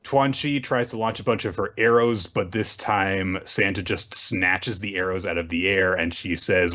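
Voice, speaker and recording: Male podcast co-host, low voice, casual recap with wry asides, dull lo-fi audio. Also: steady tone, bright, forceful tone. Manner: quick, joking summary with dry asides. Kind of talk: casual chat, recapping manga chapters.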